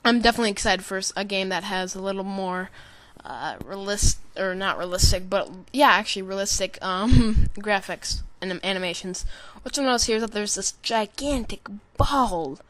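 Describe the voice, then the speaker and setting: A person giving casual, rambling commentary over a game trailer, joking and swearing, with constant fillers and restarts. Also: female voice, mid-range voice, normal speed, few pauses, fairly bright tone. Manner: rambling and jokey, with frequent swearing; self-interrupting, with many fillers and restarts.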